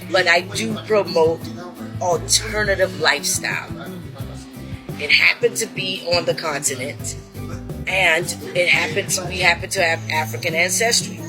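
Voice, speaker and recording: A woman explains herself in an interview, firm and emphatic. Her voice is slightly low, with music playing clearly beneath her words. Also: steady tone, unhurried. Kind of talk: interview talk.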